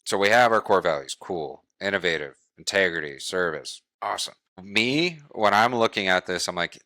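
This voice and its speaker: A man coaching a group on wholesaling real estate, talking in a brisk, blunt way and swearing casually. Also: low-pitched, expressive, bright, forceful tone, dry recording, clean studio sound.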